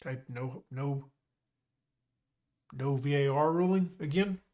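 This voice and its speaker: A man casually commentating his own football management game, chatty and excitable, joking with his viewers. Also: mid-range voice, measured pace, muffled recording. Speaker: gaming YouTuber.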